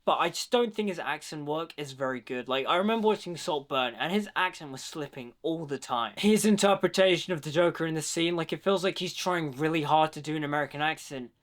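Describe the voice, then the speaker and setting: A man's voice: a little high, brisk, hardly any pauses. A man giving a casual, opinionated film commentary, talking freely with lots of "like" fillers. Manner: opinionated, chatty, many "like" fillers. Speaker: movie commentator.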